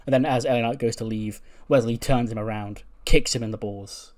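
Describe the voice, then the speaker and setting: A man's voice: medium pitch, steady tone, brisk, hardly any pauses, a little mellow. Rambling man narrating a game. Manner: rambling, laughs often. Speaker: video game commentator. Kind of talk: casual gameplay commentary.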